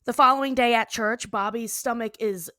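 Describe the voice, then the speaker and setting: Brief: young woman podcast co-host, bright voice, dry close sound, giggly storyteller who acts out the lines. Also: fairly high pitch, normal speed, dry recording. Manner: laughs often, acts out characters' lines while retelling. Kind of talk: casual chat recapping a cartoon episode.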